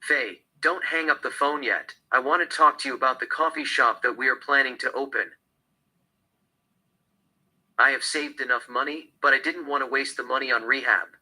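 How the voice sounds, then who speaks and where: A man's voice: mid-range voice, moderate pace, pushed and bright, poor audio. A man reading as a desperate woman in rehab.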